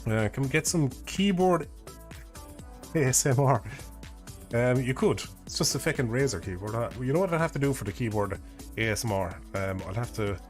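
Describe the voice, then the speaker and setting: A man's voice: mid-range voice, animated, moderate pace, faint music behind. A young Irish man chatting casually on a live stream, rambling, laughing and swearing offhandedly into a desk microphone.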